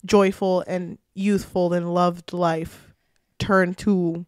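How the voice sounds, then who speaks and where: A woman's voice: lowish voice, slow pace, smooth, no echo, clean studio sound. Chatty woman retelling a book, swearing. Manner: animated retelling with frequent swearing. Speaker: podcast co-host. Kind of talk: casual book chat.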